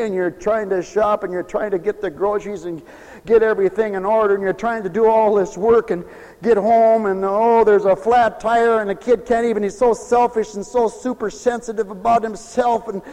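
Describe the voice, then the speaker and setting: A fervent male preacher with a high voice that rings through a large, reverberant hall. He shouts his calls to action, then drops to low, confiding asides. The long echo trails after each burst. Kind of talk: fiery sermon. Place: church hall, also broadcast on radio.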